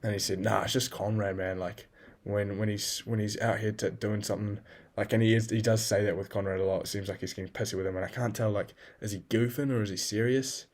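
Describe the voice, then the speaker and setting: A man's voice: lowish voice, steady tone, fast, a little mellow. A man keeping a casual video journal, bluntly and profanely telling himself off in the second person. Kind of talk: casual self-talk journal.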